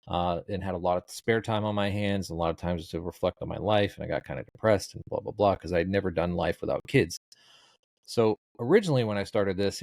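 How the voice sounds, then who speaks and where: Guesting on a podcast for a casual interview, this middle-aged social media comedian rambles through stories with a dry, easygoing humor. His voice sits low and is a little mellow, with no room sound.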